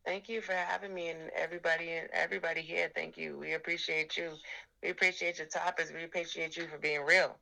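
An American woman chats casually in a bright, sharp voice. She is blunt and slangy and speaks her mind without holding back. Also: sits low, flat delivery, fast talker, creaky, rough recording. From United States. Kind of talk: casual chat.

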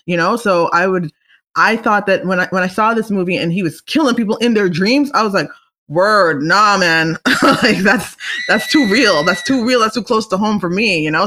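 On her own podcast, a young woman keeps the conversation loose and wandering, breaking into laughter and frequently starting over. She has a somewhat bright voice on the low side, and the talk is casual chat.

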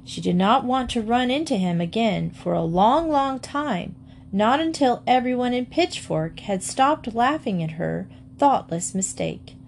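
A woman narrating a children's book in a steady, measured storytelling voice. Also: a little high, gravelly, slight background noise. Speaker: audiobook narrator.

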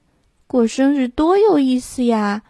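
A woman voicing a gloomy female cow in a bilingual storybook, speaking slowly and coaxingly. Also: high voice, lively intonation, dark tone, no room sound, studio quality.

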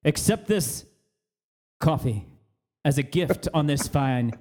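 A man's voice: on the high side, lively intonation, slow pace, a little mellow. A man putting on a hammy mock-solemn voice of an old-style boss granting a favor.

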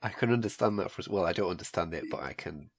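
A man co-hosting a casual film review podcast, calm and laid-back. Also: sits low, quick pace. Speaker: podcast co-host.

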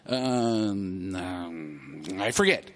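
Animated man hosting a show. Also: low-pitched, very slow. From South Texas. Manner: animated, rambling, laughs often. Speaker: podcast host. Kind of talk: casual chat.

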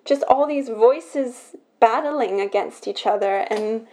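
A young woman on her own podcast, talking through something personal in an emotional, halting way, full of restarts. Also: on the high side, darkish tone. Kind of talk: personal confessional talk.

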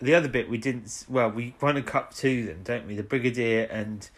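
A man co-hosting a casual podcast, recapping an episode in a loose, rambling way. He keeps tossing in tag questions, and his voice sits at an ordinary, mid-level pitch. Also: fairly quick. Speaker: podcast co-host.

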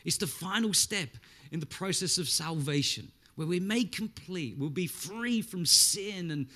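A man's voice: high-pitched, lively intonation, a little slow. A man in his thirties preaching a sermon, emphatic and conversational, with frequent restarts and rhetorical asides to the congregation. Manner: emphatic, rising to loud stresses. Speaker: pastor.

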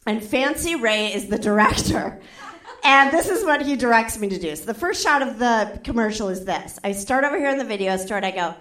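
A young woman with a high, bright-sounding voice tells a comic story on stage, full of "like" and acted-out quotes. The sound carries a noticeable echo from the venue around her. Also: brisk. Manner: animated, acts out quotes with voices, frequent "like". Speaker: stand-up comedian. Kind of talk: stand-up storytelling.

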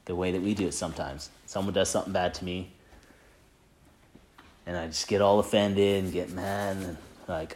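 Low-voiced man giving rambling faith talk. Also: steady tone, moderate pace, darkish tone. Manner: rambling, with many filler "like"s and restarts; earnest and conversational. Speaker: Christian team leader sharing a testimony.

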